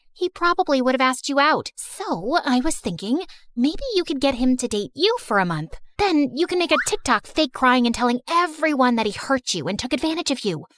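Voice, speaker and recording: A woman's voice: high voice, a bit bright, dry recording, studio quality. A woman voicing a vengeful, popular teenage girl who talks persuasively as she schemes.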